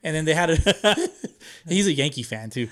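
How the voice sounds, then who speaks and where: A man's voice: fairly high pitch, normal speed. A man in casual podcast chat, telling a long story with plenty of swearing. He talks loosely and laughs through his own story. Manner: profane, animated storytelling with lots of laughing. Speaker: podcast co-host.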